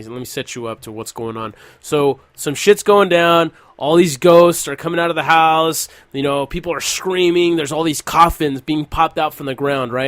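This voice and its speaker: A man's voice: a little high, fairly bright tone, no room sound. A young man hosting a casual podcast, retelling a movie scene with lots of swearing and laughter. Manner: profane, laughing storyteller. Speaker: podcast host.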